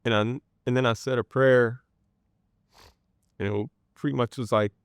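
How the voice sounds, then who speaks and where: A man telling his personal faith testimony in an interview, earnest and halting, with many pauses and restarts. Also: mid-range voice, fairly even intonation, clear, resonant tone, no room sound. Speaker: guest sharing a personal testimony.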